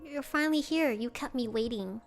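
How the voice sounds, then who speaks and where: A woman voicing a wounded young male demon who turns sharp and indignant, in a fan-made dating game. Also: a little high, normal speed, soft background music, natural voice. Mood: tearful. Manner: pleading, then sharp and indignant.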